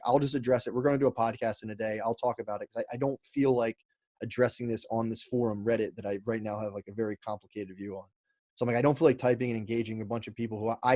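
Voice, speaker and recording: Fast-talking man, rambling and profane. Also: medium pitch, a little mellow, no echo. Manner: rambling, profane, many fillers and restarts. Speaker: podcast guest. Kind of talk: casual storytelling chat.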